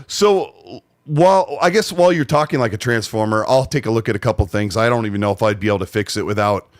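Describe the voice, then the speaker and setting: A man's voice: lowish voice, very fast, dry recording, studio quality. A man hosting a gaming podcast, talking in a laid-back, hesitant way with lots of fillers. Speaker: podcast host. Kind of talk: casual podcast chat.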